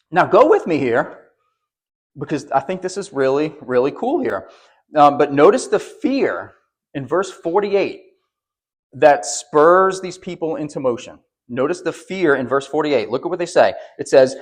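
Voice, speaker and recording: A man in his thirties preaching a sermon in a conversational way. His fairly high voice climbs and falls a lot as he builds to emphatic, louder moments. He often restarts, repeating a word before carrying on. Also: lively intonation, a little slow. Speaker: pastor.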